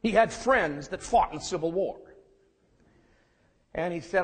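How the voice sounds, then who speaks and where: A man's voice: high voice, measured pace, long pauses, slightly rough. A man from California giving a candid, self-deprecating and humorous lecture to students, mixing warnings with family stories. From California, United States. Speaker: guest lecturer. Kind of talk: public lecture with storytelling. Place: lecture room. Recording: long reverb in a lecture room.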